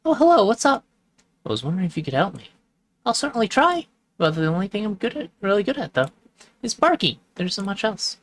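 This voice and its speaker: An eager little dog with a squeaky, excited voice, done by a man. He brags about his barking in quick, bouncing bursts. He sounds far higher than any grown person. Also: heavily acted.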